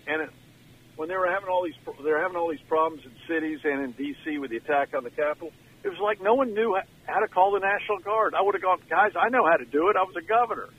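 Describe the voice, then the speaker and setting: A man's voice: fairly high pitch, quick pace, breathy edge, narrow, tinny audio. An older man, calling in from his car as a radio guest and telling stories in a folksy, emotional way. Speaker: guest, former governor. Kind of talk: phone-in radio interview.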